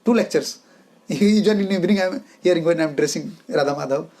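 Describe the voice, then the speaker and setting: Spiritual teacher, male, high pitch, forceful repetitive delivery in simple English. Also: fairly quick. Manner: emphatic, repeats short phrases, simple English grammar. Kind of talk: devotional lecture.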